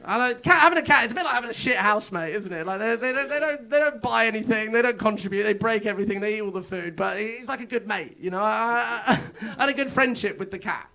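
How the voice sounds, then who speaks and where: A man's voice: high voice, fast, vocal fry, few pauses, pushed and bright. A stand-up comedian, a man, telling rambling, self-mocking stories on a club stage. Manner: rambling, self-mocking storytelling with frequent laughs. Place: comedy club stage before a live audience. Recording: live room with crowd laughter. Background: audience laughter.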